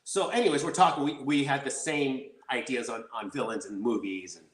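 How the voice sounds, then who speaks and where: A man being interviewed as an actor, talking in a rambling, excitable way and laughing easily. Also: medium pitch, fairly quick, roomy sound. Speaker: actor guest. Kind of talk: casual interview chat.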